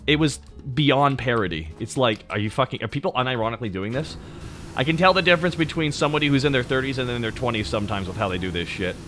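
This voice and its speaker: A man in his thirties with a naturally deep voice, chatting casually and teasingly with his stream audience, close to the mic. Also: animated, fast, a bit bright, soft background music. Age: 30s. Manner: joking, teasing, talks straight to chat. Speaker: VTuber streamer. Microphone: close to the microphone.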